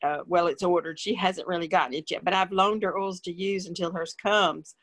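A woman's voice: on the low side, steady tone, fairly quick, dry recording. A woman guest in a casual interview, telling a story in a plain, rambling way with many fillers.

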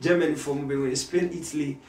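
A man's voice: a little high, fairly even intonation, fast talker, far from the mic, a crowd in the background. Ghanaian man preaching in an echoey room. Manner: prays and preaches, rising to shouting. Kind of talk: preaching interview talk.

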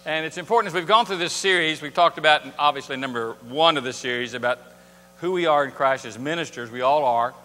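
With a slightly high, sharp voice and a quick pace, a pastor delivers a conversational sermon in a church sanctuary, firing rhetorical questions at his congregation. Long church hall reverb colors the recording.

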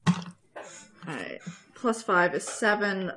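A woman's voice: medium pitch, animated, slow, very noisy. Giggly young woman playing a tabletop game. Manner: giggly, chatty. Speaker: player.

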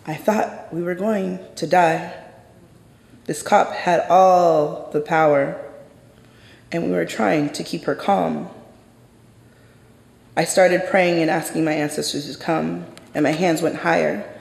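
A storyteller performing a true personal story live on stage, intense and measured, going hushed in the quiet moments. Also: mid-range voice, steady tone, gravelly. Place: stage in a large hall. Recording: roomy hall with long reverb.

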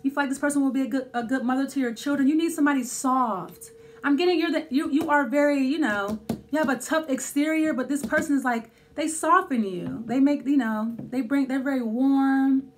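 A woman's voice: sits high, fairly quick, a little hiss or hum. A woman giving a casual tarot reading, thinking aloud with many restarts and fillers. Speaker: tarot reader.

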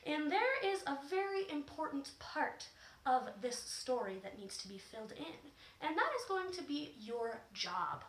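A woman's voice: high voice, bright, forceful tone, reverberant. A woman teaching a movement and music class to young children, encouraging and sing-song.

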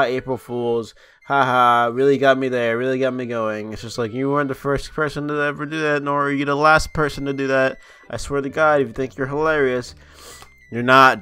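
Sarcastic young man ranting, bright voice. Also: mid-range voice, smooth. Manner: profane, sarcastic, mocking. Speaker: YouTuber. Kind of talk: casual ranting vlog.

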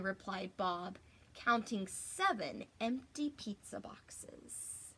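A young adult woman teacher reading a picture book aloud to children, gentle and expressive with gasps and whispers. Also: medium pitch, slow pace, slightly rough.

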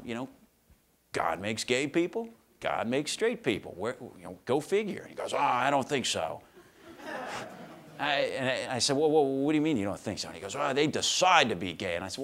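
A man's voice: mid-range voice, a bit bright. A man giving a casual, blunt storytelling talk as a guest speaker at a law school, acting out both sides of conversations and laughing as he goes. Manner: casual, blunt, laughs while telling stories. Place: lecture hall.

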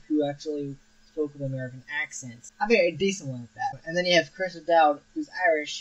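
A young man with a slightly higher voice reviews a movie in a loose, unscripted monologue. He keeps restarting his sentences and leaning on fillers as he goes. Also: low-quality recording. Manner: rambling, many restarts and fillers. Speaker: film review host. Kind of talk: casual film review monologue.

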